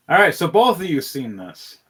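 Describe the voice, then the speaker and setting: A young man narrating a tabletop game as game master, swearing freely and excitedly restarting his sentences. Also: on the high side, measured pace, husky.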